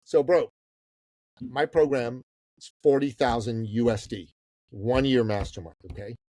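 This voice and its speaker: A man in his fifties, from Iran, telling a story as a guest on an interview podcast, animated, swearing casually and calling the host "bro". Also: mid-range voice, a little slow, no echo, studio quality. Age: 50s. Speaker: guest, business coach.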